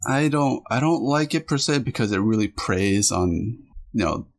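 A man co-hosting a podcast in casual chat, telling stories in an animated way. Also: mid-range voice. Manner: animated, quick storytelling. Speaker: podcast co-host.

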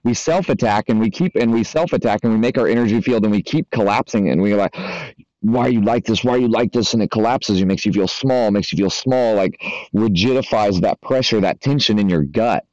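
Man, coach type, loose casual monologue, lowish voice, dry dull lo-fi sound. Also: brisk, darkish tone, no echo. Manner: loose and conversational, heavy fillers and swearing. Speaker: spiritual coach. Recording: dry, slightly dull lo-fi audio.

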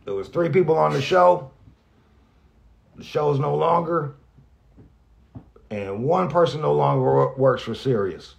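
A man's voice: fairly high pitch, animated, unhurried, creaky, pauses often, lo-fi sound. A man, a radio host, talks casually and rambles with lots of profanity, often restarting his sentences and getting emotional. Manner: emotional, near tears at times. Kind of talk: casual spoken farewell message.

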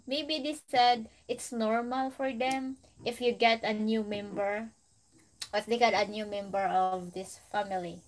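A woman from the Philippines with a Filipino accent, hosting a casual live stream. She chats, laughs often, mixes in Filipino phrases, and reads out viewer comments. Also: on the high side. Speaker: livestream host.

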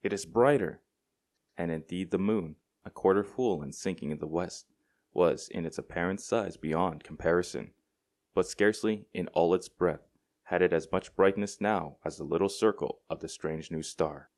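A man reading a classic short story aloud as an audiobook narrator, in a measured, deliberate storytelling manner. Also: low voice, a little mellow. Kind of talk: scripted narration.

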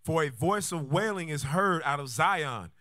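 A man reading Bible verses aloud in a steady, formal way during a class. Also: on the high side, moderate pace, dry recording, clean studio sound. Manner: steady, formal reading, polite short replies. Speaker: scripture reader.

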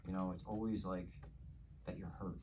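A man in his forties with a low voice talks openly as a podcast guest. He is frank and profane, and his voice rises sharply when he vents. A faint hum of room ambience sits behind him. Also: steady tone, moderate pace, darkish tone, poor audio. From New Jersey. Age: 40s. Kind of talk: candid casual chat.

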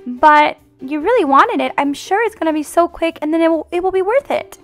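Woman, very high voice, bouncy intonation, playful motherly roleplay, soft music underneath. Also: brisk. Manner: animated and playful, motherly coaxing. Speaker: host and roleplayer playing the mom. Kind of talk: casual game roleplay chat.

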